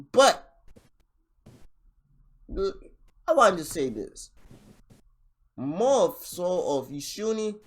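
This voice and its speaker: A man hosting a casual podcast, telling a story with animated energy, switching into a raised voice whenever he quotes someone. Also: on the high side. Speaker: podcast host. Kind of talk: casual chat recapping a battle rap event.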